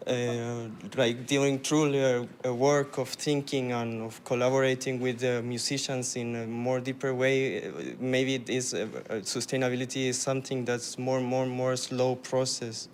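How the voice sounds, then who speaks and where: Flat-voiced man, hesitant question. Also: mid-range voice, normal speed, hardly any pauses, a little hiss or hum. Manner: hesitant, restarting, many fillers. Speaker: audience member asking a question. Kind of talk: question from the floor.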